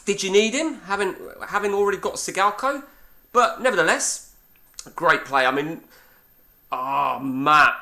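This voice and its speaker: An English man in his forties talks over a game session in a loose, rambling way, swearing freely as he goes. His voice sits a little high, with a bright, sharp edge to it. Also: unhurried. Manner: animated, swearing, rambling storyteller. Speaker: gaming channel host.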